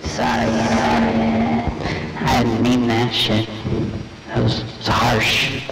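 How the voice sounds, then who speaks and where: A man's voice: mid-range voice, little pitch movement, slow pace, vocal fry, reverberant, noisy background. A man livestreaming in a rambling, profane, jokey casual talk.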